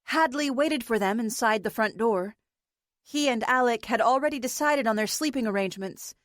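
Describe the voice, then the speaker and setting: A woman reading an audiobook in measured, even storytelling narration. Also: on the high side, dry recording, studio quality.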